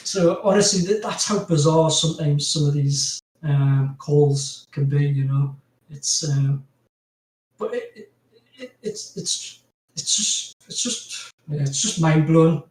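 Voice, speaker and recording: He takes it slowly, his voice on the high side and a little mellow. This podcast guest, a graphic designer with a strong Geordie accent from North East England, chats casually and rambles, laughing frequently and leaning on "you know" fillers, while the mic sits far off in a roomy-sounding space.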